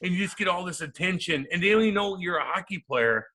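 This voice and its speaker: A man in his thirties, a podcast guest, telling stories in a lively, profane way and acting out quotes. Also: sits high, fast. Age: 30s. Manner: animated, profane, acts out quotes. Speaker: podcast guest, former hockey player. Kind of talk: casual storytelling interview.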